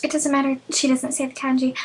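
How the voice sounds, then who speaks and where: A woman's voice: sits high, level tone, quick pace, breathy edge. A woman talking casually and hesitantly to viewers, rambling with lots of fillers. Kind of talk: casual chatty aside to viewers.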